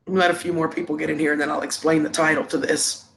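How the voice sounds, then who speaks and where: A woman's voice: deep voice, flat delivery, fast talker, slight background noise. A woman hosting a casual live stream, congested and sniffly with a cough, greeting viewers with endearments over a laptop microphone.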